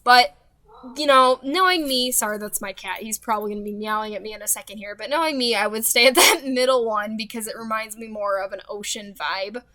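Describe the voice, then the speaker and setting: A chatty woman with a high, bright voice, talking through a relaxed voiceover from home. She rambles, laughs easily and leans on filler words. The sound is close and dry, with no room echo. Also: fairly quick. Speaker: game builder narrating her build. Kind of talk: casual voiceover.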